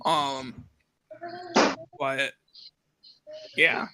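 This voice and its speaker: A man's voice: mid-range voice, little pitch movement, drawn-out words, noisy background. A man hosting a podcast, chatting casually in a rambling, profane way with lots of ums. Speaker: podcast host. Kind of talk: casual chat.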